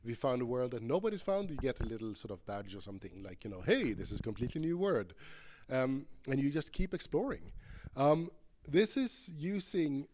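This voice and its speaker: A man's voice: medium pitch, sing-song, a little fast, darkish tone. A man speaking from a conference stage in a loose, chatty keynote. He thinks aloud as he goes, with plenty of ums and restarted sentences. His delivery stays playful and informal. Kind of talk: conference keynote with live game demo.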